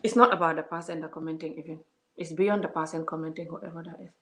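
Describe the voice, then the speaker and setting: A woman's voice: sits low, fairly even intonation, fast. A woman giving an emphatic, preachy vlog monologue, full of repeated words and rhetorical questions. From Gambia. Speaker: vlogger. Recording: roomy echo.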